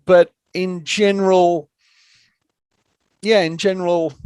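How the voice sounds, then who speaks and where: A man's voice: high-pitched, flat delivery, slow pace, a little mellow, smooth, no room sound. A man speaking as a podcast guest, thoughtful and plain-spoken in a conversational interview.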